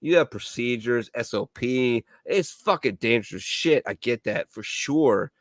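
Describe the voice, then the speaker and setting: A man's voice: mid-range voice, lively intonation, measured pace, dry recording. Brief: veteran man, show regular, swears freely, rambles through bar stories, dry close mic. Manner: profane, rambling, laughs loudly. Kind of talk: casual bar banter, storytelling.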